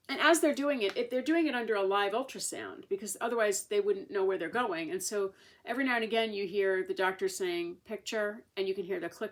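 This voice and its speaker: A woman, casually telling a long personal story to camera in a chatty, rambling way. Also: mid-range voice. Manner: chatty, rambling with many restarts and fillers. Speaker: vlogger sharing a patient's experience.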